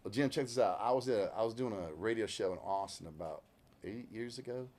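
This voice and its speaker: A man with a Southwest Louisiana accent and a gravelly growl in his voice, telling a rambling, folksy story in casual chat as a country singer guest. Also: lowish voice, brisk, darkish tone. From Lake Charles, Louisiana. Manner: rambling, folksy, self-interrupting. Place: inside a vehicle.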